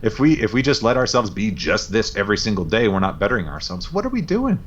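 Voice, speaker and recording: A man's voice: lowish voice, lively intonation, fast, a bit bright, slight background noise. A man in his thirties, a podcast co-host, telling stories in casual chat in an earnest, reflective way. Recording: slightly muffled lo-fi audio.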